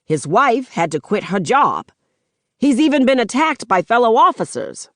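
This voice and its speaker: A woman's voice: on the high side, very animated, normal speed, a bit bright, dry recording, voice pushed up. Woman doing a middle-aged dad on tv, complaining and defensive, dry close sound. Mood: aggrieved. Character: aggrieved middle-aged father giving an interview. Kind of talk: audiobook narration.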